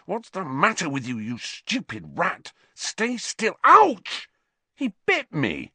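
A man voicing a panicky, hot-tempered teenage boy wizard in an audiobook, hissing and shouting. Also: a little high, very animated, unhurried, breathy edge, dry recording, pitched above the performer's own voice, full character voice. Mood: irritated. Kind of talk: audiobook character voice.

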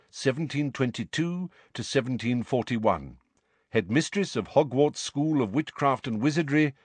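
Man reading a storybook, lively and expressive. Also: mid-range voice, breathy edge, no echo. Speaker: audiobook reader. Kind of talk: storybook narration.

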